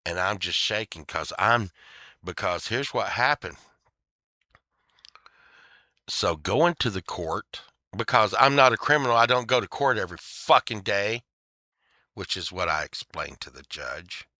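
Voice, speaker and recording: A man's voice: fairly low pitch, animated, normal speed, sharp tone, dry recording, clean studio sound. A man telling a story in an angry, swearing rant, acting out the other people in it. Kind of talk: casual profane storytelling rant.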